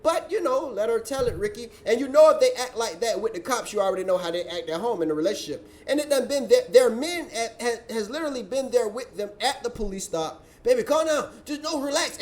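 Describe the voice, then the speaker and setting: A man hosting a reaction commentary show, sarcastic and preachy, mocking others with put-on quotes. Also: high-pitched.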